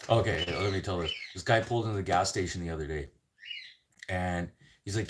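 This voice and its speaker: Low-voiced profane man rambling. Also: brisk, background noise. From Canadian prairies. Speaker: vlogger. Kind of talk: casual rambling chat.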